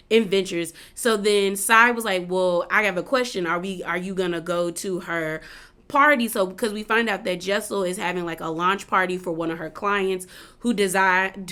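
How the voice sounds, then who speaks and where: A woman giving a casual, opinionated recap of a reality show, often acting out what the cast said. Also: lowish voice. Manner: chatty, opinionated, quotes others in animated asides. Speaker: recap commentator.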